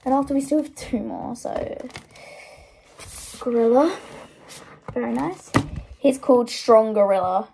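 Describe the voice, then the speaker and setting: Giggly woman with gravelly, mellow voice. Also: on the high side, a little slow, long pauses, slight background noise. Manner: giggly, rambling, self-mocking. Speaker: vlogger. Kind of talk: casual show-and-tell chat. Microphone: wireless earbuds.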